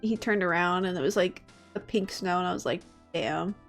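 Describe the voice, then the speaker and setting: Chatty woman, soft music behind. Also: on the low side, fairly even intonation, fairly quick. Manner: chatty, many fillers and restarts. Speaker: guest. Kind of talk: casual chat.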